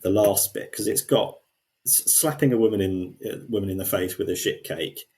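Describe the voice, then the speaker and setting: Male podcast co-host, deep voice, lively, restarts sentences. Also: normal speed. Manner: animated, quotes people in put-on voices, frequent restarts. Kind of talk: casual discussion.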